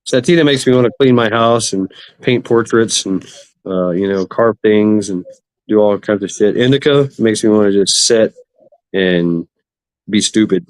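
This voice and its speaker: A man's voice: lowish voice, normal speed, smooth, no echo. A man hosting a casual livestream, rambling and swearing as he greets chat viewers. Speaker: livestream host. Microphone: computer mic for online stream.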